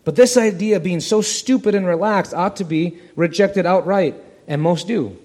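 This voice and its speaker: Male preacher, a bit high-pitched, animated storyteller, roomy hall reverb. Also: moderate pace. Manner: animated, acts out the parable's voices. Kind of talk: expository sermon.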